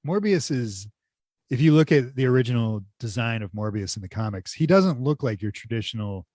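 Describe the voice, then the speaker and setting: Male podcast co-host, mid-range and dry, quick blunt jokester, easygoing chat. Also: medium pitch, lively intonation, a little mellow, no room sound. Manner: blunt, joking, crude quips. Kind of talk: casual chat.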